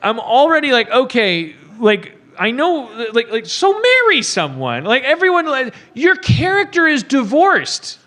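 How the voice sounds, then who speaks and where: A man in his forties, a podcast host, delivering a profane, animated comedic movie rant with bursts of mock-outraged shouting. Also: extremely high pitch, a little slow, hardly any pauses. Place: live stage show before an audience.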